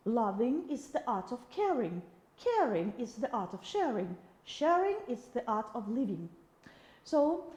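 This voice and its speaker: A woman's voice: fairly high pitch, mellow, reverberant. A woman with a Russian accent giving a recorded video lecture, reading examples aloud with the odd restart.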